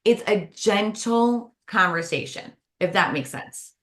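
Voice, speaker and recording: A woman speaks as a podcast guest, offering conversational advice on stress. She talks with lively energy and slips into acting out little everyday exchanges to make her points. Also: mid-range voice, moderate pace. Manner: lively, acts out everyday dialogue.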